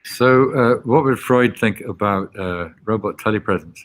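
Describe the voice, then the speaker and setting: A man's voice: lowish voice, moderate pace, a little hiss or hum. A man hosting a casual chat, asking short curious questions. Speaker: host.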